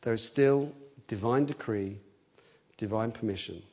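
A man's voice: unhurried, a little mellow. A man preaching an expository sermon in an earnest way, often repeating words as he thinks aloud and lifting his voice on quoted cries. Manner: rises in pitch and force on quoted cries.

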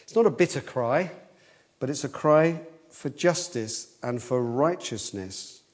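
Here a preacher moves through an expository sermon at a measured pace, his intonation lively and his tone earnest. He repeats words frequently as he thinks, and quoted cries make his voice go higher and stronger.

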